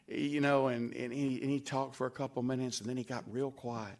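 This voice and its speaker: An older man speaks from a podium at a dedication event, his voice gravelly and creaky at a middling pitch. He tells folksy stories and leans into the quoted lines, lifting his voice to act them out. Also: flat delivery, brisk, hardly any pauses, a little mellow. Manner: folksy storyteller, acts out quoted lines with a raised voice. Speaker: former staff member giving a tribute speech. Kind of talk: anecdotal speech at a dedication event.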